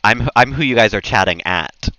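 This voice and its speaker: Laughing frequently, this American man reads viewer messages and chats casually while he plays a game on stream. His lowish voice moves at normal speed, pushed and bright, captured in a dry, low-quality recording.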